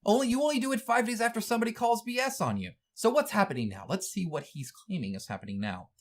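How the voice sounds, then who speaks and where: A man's voice: sits high, expressive, fast. A man hosting a wargaming news show, giving heated, indignant commentary and scolding the people he talks about.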